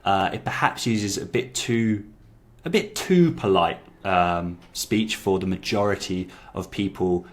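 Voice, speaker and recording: Deep-voiced guy doing a chatty app review, lots of ums. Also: a little slow, slight background noise. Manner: chatty, repeats lines aloud, many fillers. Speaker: language-learning YouTuber. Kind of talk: casual review commentary.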